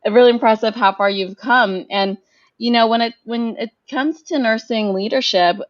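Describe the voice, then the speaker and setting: A woman hosting an interview on a video call, reacting warmly and asking questions with hesitant restarts. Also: a little high, moderate pace, no room sound. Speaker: interview host. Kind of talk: conversational interview. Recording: dry, slightly dull video-call audio.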